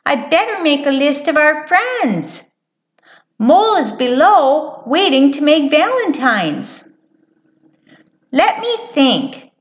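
A woman voicing an excitable little female mouse in a children's story, with a high squeaky voice and an eager, giggly manner. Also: takes it slowly, lo-fi sound, exaggerated voice. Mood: eager, chirpy. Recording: roomy echo.

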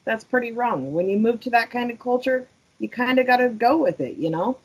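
Husky-voiced female podcast cohost. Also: on the high side, animated, fairly quick, rough recording. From United States. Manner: earnest, thoughtful, frequent agreeing replies. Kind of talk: casual recap chat.

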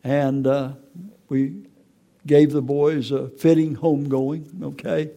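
An older man with a gravelly voice giving a personal, emotional testimony, telling stories and stumbling over repeated words. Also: fairly high pitch, flat delivery, takes it slowly, mellow. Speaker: testimony speaker.

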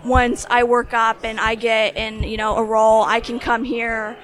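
A woman's voice: a little high, completely flat delivery, moderate pace, a bit bright. A young woman speaking earnestly and gratefully as an interview guest. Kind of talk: casual interview chat.

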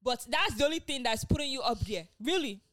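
A woman's voice: high-pitched, lively intonation, brisk, a bit bright, dry recording, clean studio sound. A woman co-hosting a casual chat show, gossiping and mockingly reading posts aloud. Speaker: podcast co-host.

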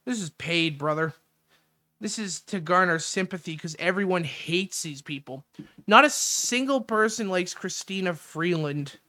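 A man's voice: sits high, animated, a little slow, sharp tone, no room sound. Sarcastic man ranting. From Canada. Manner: crude, sarcastic, rambling. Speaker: podcast host. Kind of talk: casual solo rant. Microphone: studio mic with windscreen.

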